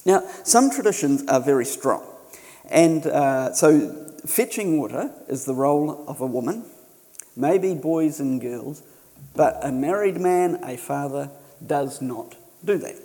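A middle-aged man preaches in an easygoing, conversational way, with gentle self-deprecating humour. His voice is warm and mellow and sits a little high. Long reverb from a church hall trails behind him. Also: expressive, measured pace. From New Zealand. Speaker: missionary preacher. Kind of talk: sermon.

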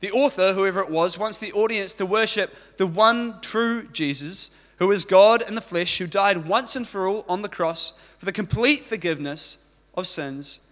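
A man with a high, sharp-toned voice preaches a sermon at a moderate pace, beginning with a prayer and then telling a story sprinkled with joking asides. The recording has echoey hall reverb.

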